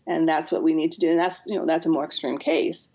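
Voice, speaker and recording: A woman with a low, gravelly voice talks through ideas in an earnest, explaining way. Now and then she acts out what people say to her. The sound is dull and lo-fi. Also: steady tone, fast talker, darkish tone. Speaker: counselor and author guest. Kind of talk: podcast interview.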